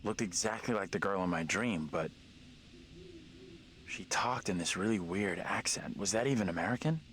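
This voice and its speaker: A man voicing a shaken young man who speaks in a low, subdued way. Faint ambience hangs in the background. He sounds uneasy. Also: normal speed, a bit bright, a little hiss or hum, close to an everyday voice. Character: shaken young man after head injury.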